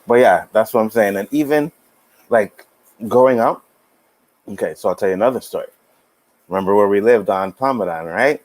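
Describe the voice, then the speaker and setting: A man hosting a casual podcast, telling stories in an animated way, swearing freely and acting out the people he quotes. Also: on the low side, normal speed, pauses often, no echo, rough recording. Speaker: podcast host. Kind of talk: casual storytelling chat.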